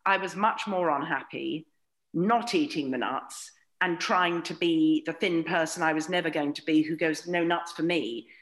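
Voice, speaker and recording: A middle-aged woman, a comedian guest on a podcast, tells wry, sweary anecdotes and acts out other people's voices. Her voice is low-pitched and a bit bright, at a normal speed.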